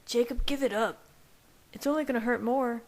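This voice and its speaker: A woman's voice: on the high side, normal speed, voice pushed up, close to an everyday voice. A woman voicing a teasing young male werewolf packmate in a mocking tone. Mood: taunting. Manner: mocking, taunting.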